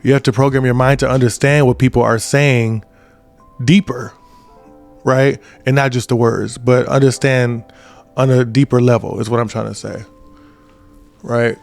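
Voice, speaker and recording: A man's voice: mid-range voice, level tone, moderate pace, creaky, long pauses, darkish tone, faint music behind. A man in his twenties giving a casual motivational talk as a podcast host, often checking in with "right?". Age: 20s. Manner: conversational, repeats "right?" often.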